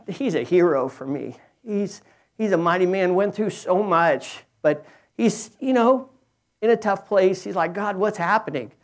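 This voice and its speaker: A man, a pastor, praying and then preaching a sermon in an earnest way, often restarting his words and growing excited. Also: high voice. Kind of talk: sermon with opening prayer. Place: church sanctuary.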